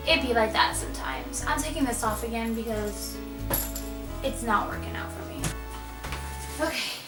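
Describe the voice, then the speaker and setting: High-voiced rambling young woman vlogger. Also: far from the mic. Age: young adult. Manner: rambling, self-mocking, easily sidetracked. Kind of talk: casual chat while wrapping gifts. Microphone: camera mic. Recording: echoey room, voice off-mic, music behind.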